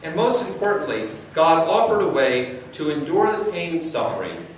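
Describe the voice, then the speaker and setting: A man's voice: a little high, big pitch swings, moderate pace, a little hiss or hum. Male pastor preaching in a reverberant church. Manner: conversational preaching with repetition and emphasis. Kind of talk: sermon. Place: church sanctuary. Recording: roomy church sound from a distant mic.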